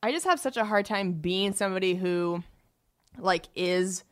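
A woman's voice: medium pitch, moderate pace, clear, resonant tone. A woman co-hosting a podcast, talking bluntly and intensely in casual chat, swearing freely. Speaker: podcast co-host.

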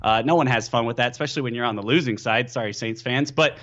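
A young man, a pro football player guesting on a podcast, telling stories excitably and leaning on "you know.". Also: mid-range voice, fast talker, dull audio. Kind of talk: casual podcast chat.

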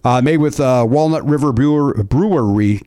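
A man with a Chicago accent chats on a podcast at an ordinary middle pitch. He rambles and stops often on fillers as he reads aloud and jokes. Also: warm tone, smooth. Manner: rambling, halting delivery with many fillers. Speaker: podcast co-host. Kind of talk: casual podcast banter.

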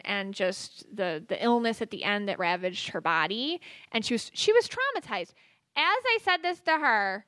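A woman's voice: medium pitch, bright, forceful tone, dry recording. A woman hosting a podcast, talking casually with many fillers and restarts. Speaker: podcast host and psychic medium. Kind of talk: casual spoken monologue.

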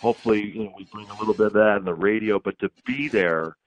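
A man hosting sports radio, reflecting in a halting, thoughtful way. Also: lowish voice, muffled recording.

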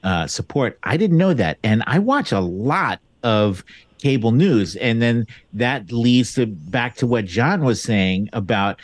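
A man's voice: medium pitch, lively intonation, measured pace, no room sound. A man chatting casually on a talk show panel, rambling in an exasperated way. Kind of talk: casual political chat.

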